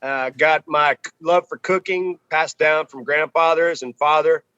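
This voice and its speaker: A man from Texas, guest on a barbecue podcast, chatting in a relaxed way with many pauses, on a video call from outdoors. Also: on the high side, clean tone, dry recording, highs cut off. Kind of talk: casual podcast conversation.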